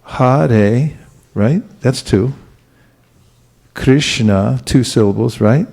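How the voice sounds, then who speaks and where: Male spiritual teacher, easygoing sermon style, warm dark tone with a gravelly edge, quizzes the room. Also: mid-range voice, extremely slow. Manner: relaxed, asks the audience questions, chuckles. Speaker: spiritual teacher giving a class. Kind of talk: conversational sermon.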